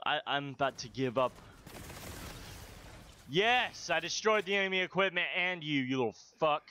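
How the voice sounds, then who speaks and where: A man commentating his own shooter gameplay, swearing and yelling outbursts at opponents. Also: on the high side, expressive, moderate pace, a little hiss or hum. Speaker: gaming video host.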